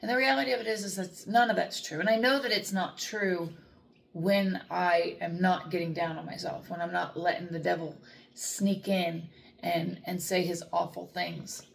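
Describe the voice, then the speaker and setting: A woman who trains dogs speaks earnestly and rambles, restarting her sentences as she talks about faith. Her voice sits on the low side with a gravelly edge. A faint hiss of noise runs underneath. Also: fairly even intonation, normal speed. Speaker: dog trainer. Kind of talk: reflective faith talk to camera.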